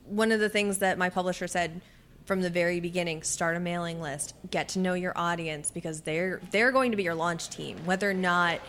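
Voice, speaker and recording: A woman, an author and podcaster, talking as a guest in a conversational interview, telling lively stories, acting out her own dialogue and laughing often. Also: fairly low pitch, fairly quick, a little hiss or hum.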